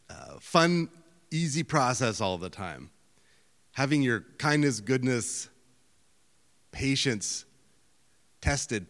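A middle-aged man delivers a sermon in an easy, conversational way, telling stories and poking fun at himself. His voice sits at an ordinary pitch for a man and carries a long reverb, as if he is speaking in a large hall. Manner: conversational storytelling, self-deprecating, lively outbursts. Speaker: pastor.

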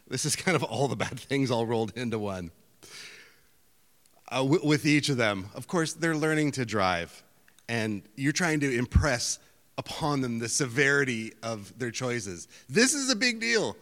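A man's voice: medium pitch, measured pace. Middle-aged man preaching in a reverberant hall. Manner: conversational storytelling, self-deprecating, lively outbursts. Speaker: pastor. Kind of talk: sermon.

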